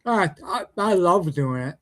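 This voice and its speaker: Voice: mid-range voice, expressive, measured pace, a bit bright. A podcast host in casual chat, stumbling and repeating words.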